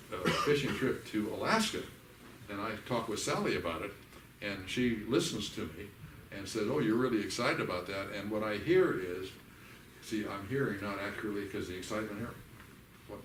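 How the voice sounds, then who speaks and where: An older man leading a church workshop. He teaches in a folksy, animated way and acts out the voices of the people he quotes. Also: lowish voice, normal speed, noisy background. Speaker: workshop leader. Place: church hall. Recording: echoey hall recorded from a distance.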